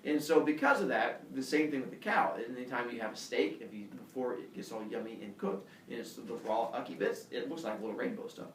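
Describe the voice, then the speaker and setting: A man's voice: medium pitch, fairly quick, few pauses, fairly bright tone, slight background noise. A man teaching a class, telling a myth playfully and quizzing his pupils as he goes. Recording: echoey classroom from far off.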